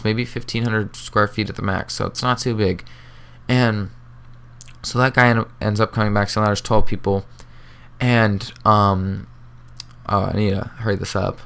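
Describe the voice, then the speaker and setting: A teenage boy telling a story to his vlog camera. He talks in a laid-back, rambling way, swears casually and leans on fillers. His voice is low, smooth and clear. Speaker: vlogger.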